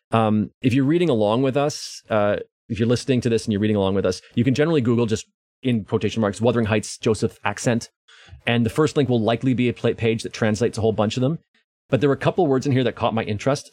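A man's voice: medium pitch, darkish tone, no echo. A man from Canada hosting a podcast, musing casually about old dialect words with frequent ums and uhs. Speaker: podcast host. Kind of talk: casual book discussion.

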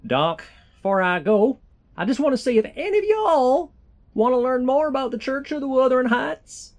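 A man's voice: very high-pitched, expressive, moderate pace, voice pushed up. A man voicing a folksy, rambling hillbilly preacher in a put-on Southern drawl. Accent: put-on generic American Southern. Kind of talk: comedic sermon parody.

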